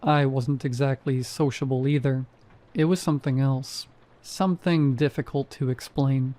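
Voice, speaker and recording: Guy reading a creepy first-person horror story, mellow darkish voice, dry wry asides. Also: mid-range voice, steady tone, moderate pace. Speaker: narrator.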